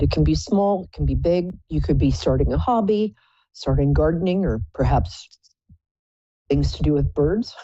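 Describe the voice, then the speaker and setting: A woman's voice: low voice, dark tone, breathy edge, dry recording, dull audio. A woman hosting a live psychic call-in show, chatting in a playful, rambling, self-mocking way. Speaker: psychic radio show host.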